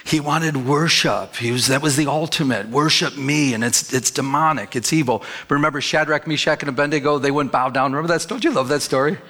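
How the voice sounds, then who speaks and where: A man's voice: a little high, fast, hardly any pauses, fairly bright tone. A pastor preaching a sermon in a conversational way, often asking his listeners questions. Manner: conversational, asks the audience questions.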